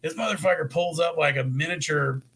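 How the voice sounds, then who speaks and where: A man co-hosting a casual podcast, telling stories in a rowdy, profane way with a gravelly voice. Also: fairly high pitch, a little fast, fairly bright tone. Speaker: podcast co-host.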